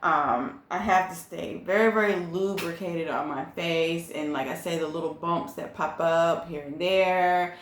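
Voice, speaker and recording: Young woman vlogger, slow and easygoing, low-ish voice, echoey room sound. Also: slight background noise. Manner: chatty, relaxed, many ums and likes. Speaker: pregnancy vlogger. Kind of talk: casual chat to camera.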